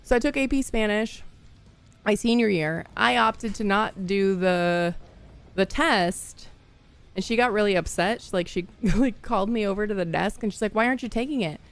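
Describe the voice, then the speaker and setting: A woman's voice: medium pitch, moderate pace. A young woman from the Midwest chatting casually with her stream viewers, rambling through stories, laughing often and greeting people as they come in. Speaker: livestream gamer.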